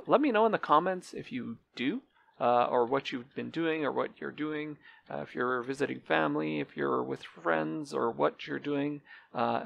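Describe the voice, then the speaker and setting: A man's voice: fairly high pitch, vocal fry, fairly bright tone, highs cut off, slight background noise. A man giving casual, rambling gameplay commentary as he tours a game server, with many ums and uhs. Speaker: Minecraft server let's-player.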